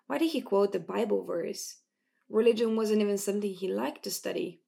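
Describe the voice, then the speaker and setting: A woman narrating an audiobook in a steady, even storytelling manner. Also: mid-range voice, a little fast, vocal fry, slightly rough.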